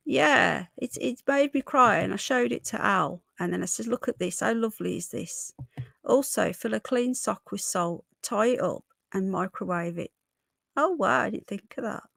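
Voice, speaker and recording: Hoarse, gravelly woman chatting live. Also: medium pitch, normal speed, fairly bright tone, no room sound. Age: 40s. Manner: chatty, calls viewers love and darling. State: hoarse from illness. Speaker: livestream host. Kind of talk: casual live chat.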